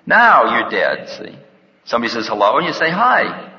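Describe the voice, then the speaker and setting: A man giving an unhurried, reflective spiritual talk, with playful acted-out bits of dialogue, in a lo-fi recording. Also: mid-range voice, wildly swooping pitch, slight background noise. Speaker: spiritual teacher. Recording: lo-fi recording in an echoey hall.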